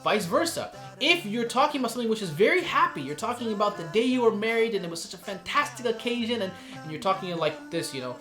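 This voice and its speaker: Animated man teaching poetry performance. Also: high voice, reverberant, music in the background. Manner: animated, demonstrates voices and pauses. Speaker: spoken word poetry teacher. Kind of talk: casual lesson on performance.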